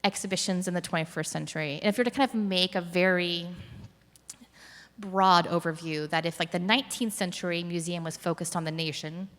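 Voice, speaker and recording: Reflective woman with a low voice in a reverberant hall. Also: steady tone, a little fast, fairly bright tone. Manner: reflective, storytelling with many fillers and restarts. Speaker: curator. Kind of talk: conversational interview on stage.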